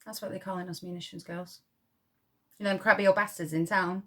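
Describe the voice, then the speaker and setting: An actress playing a blunt, defiant young wartime munitions worker with a Yorkshire accent, who swears freely and talks with scorn. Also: female voice, fairly low pitch, little pitch movement, a little fast, a bit bright. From Yorkshire, England. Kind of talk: dramatic monologue.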